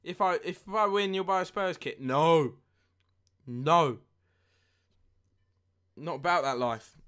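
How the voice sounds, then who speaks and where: A young man live-streaming a football game, chatting with viewers and getting excited at near misses. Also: high-pitched, brisk, smooth. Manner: chatty, reads chat aloud, excitable at goals. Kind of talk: live gameplay commentary and chat.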